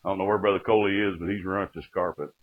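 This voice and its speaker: A man giving a folksy sermon testimony, rising to shouts and dropping to hushed storytelling. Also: low-pitched, steady tone, quick pace, very noisy. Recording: tinny phone-like recording.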